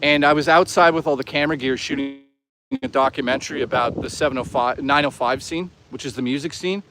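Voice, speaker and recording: A man's voice: medium pitch, fairly quick, noisy background. A man live-streaming outdoors, chatting casually, swearing freely and reading out chat. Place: outdoors on an urban trail.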